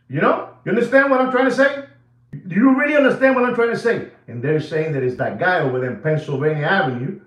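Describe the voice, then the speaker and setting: A man's voice: on the high side, a bit bright, lo-fi sound. A man hosting his own watch channel, ranting to viewers in an emphatic, repetitive way and addressing them directly. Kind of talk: animated ranting commentary. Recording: echoey room.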